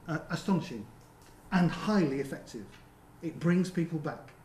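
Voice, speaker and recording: A man presenting at a seminar in a theatre, talking conversationally with frequent ums and quick rhetorical checks with the audience. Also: a little high, animated, darkish tone. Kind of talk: conference presentation. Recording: roomy venue with faint background hum.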